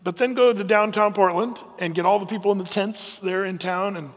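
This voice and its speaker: A middle-aged man preaching a conversational, animated sermon as a pastor, with frequent restarts. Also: sits high, brisk, long reverb tail.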